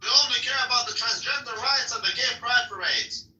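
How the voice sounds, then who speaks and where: A fast-talking, high male voice, profane and teasing in a group chat. Echoey and far off, with faint noise underneath. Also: sharp tone. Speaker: chat room participant. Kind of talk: crude casual group chat.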